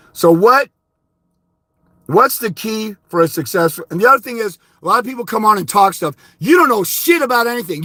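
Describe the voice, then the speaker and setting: A middle-aged man ranting angrily on a livestream, hurling insults and breaking into shouts as he answers viewer comments. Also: sits high, no room sound. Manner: angry, insulting, shouting bursts. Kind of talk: angry livestream rant.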